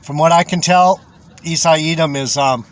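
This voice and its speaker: A man's voice: a little high, fairly even intonation, moderate pace. A man giving rambling religious commentary, chuckling often, repeating himself and swearing.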